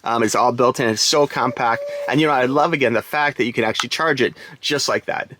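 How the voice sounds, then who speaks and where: A man's voice: medium pitch, brisk, fairly bright tone. A man giving a casual, enthusiastic product review, chatty with lots of fillers.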